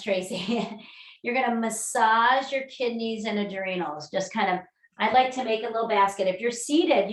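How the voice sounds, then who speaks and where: A woman leading an online mindful movement and breathing class, guiding gently and slowly with soft breathy cues, over a video call. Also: medium pitch. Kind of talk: guided movement and breathing lesson.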